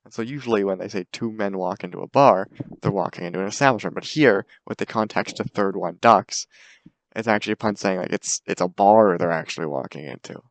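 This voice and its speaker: A man's voice: lowish voice, a little fast, dry recording. A young man giving a casual, hesitant class presentation full of fillers. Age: young adult. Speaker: student presenter.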